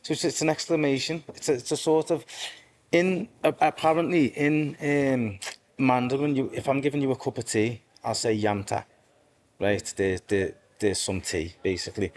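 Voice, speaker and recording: A man's voice: mid-range voice, fairly even intonation, normal speed. A man in casual conversation, chatty and storytelling, often correcting himself as he goes. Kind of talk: casual interview talk.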